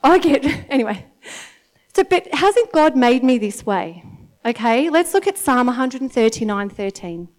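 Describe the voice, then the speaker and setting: A woman in her thirties with an Australian accent, giving a chatty, animated sermon to a congregation and often laughing. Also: high voice, unhurried. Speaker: church speaker. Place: church meeting in front of an audience.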